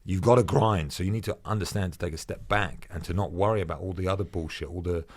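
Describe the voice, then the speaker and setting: A man's voice: sits low, fast talker. A man, a professional fighter, talking bluntly and emphatically as a guest in a casual podcast conversation and swearing freely.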